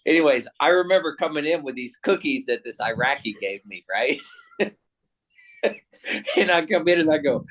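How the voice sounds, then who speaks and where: A man's voice: a little high, expressive, normal speed, long pauses, fairly bright tone. A man in casual chat, telling a war story with lots of laughing and animation. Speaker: veteran, panel member.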